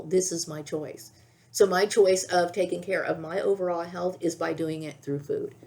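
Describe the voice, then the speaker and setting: A middle-aged woman talks straight to her camera in a rambling, worked-up vlog. Her voice sits fairly low and has a gravelly, fry-laden texture. She circles back on herself and keeps pressing her point with "okay?". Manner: agitated, repetitive, keeps asking "okay?". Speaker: vlogger. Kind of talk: rambling direct-to-camera monologue.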